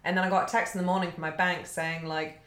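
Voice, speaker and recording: A woman with a British accent hosting a podcast, telling a story in a chatty way with lively quoted voices. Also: lowish voice, quick pace. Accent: British English. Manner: chatty, animated quoting voices. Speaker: podcast host. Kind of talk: casual storytelling chat. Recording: roomy echo.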